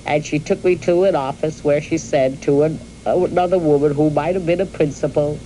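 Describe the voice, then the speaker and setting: Older woman recalling her youth, mellow. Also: low-pitched, slight background noise, poor audio. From New York, US. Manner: storytelling, halting with repeated words and fillers; addresses her husband directly. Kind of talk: reminiscing in an archival interview.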